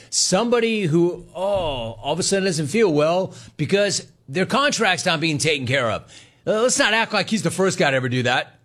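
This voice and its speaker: Middle-aged sports radio host guy, kinda high voice, sarcastic and needling, laughs at his callers. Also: animated, moderate pace, a bit bright. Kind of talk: sports talk radio monologue.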